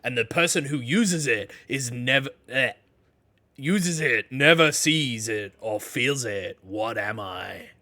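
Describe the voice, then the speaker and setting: A man's voice: mid-range voice, animated, slow, pushed and bright, pitched below the performer's own voice, exaggerated voice. A man voicing a grudging male riddle master who reluctantly accepts answers and recites riddles. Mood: reciting.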